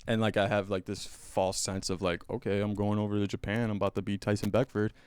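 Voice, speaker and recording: A man's voice: fairly low pitch, flat delivery, fast talker, a little mellow, clear, resonant tone. A young man co-hosting a podcast, rambling in a self-deprecating, mumbly way. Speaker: podcast co-host. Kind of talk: casual chat.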